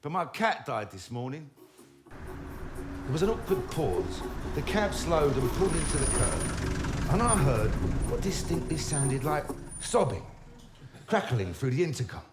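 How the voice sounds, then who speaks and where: A man, telling comic stories about his own life in a wry, swearing, animated manner. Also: fairly high pitch, a little slow, over loud music. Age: 50s. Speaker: storyteller. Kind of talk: comic autobiographical storytelling.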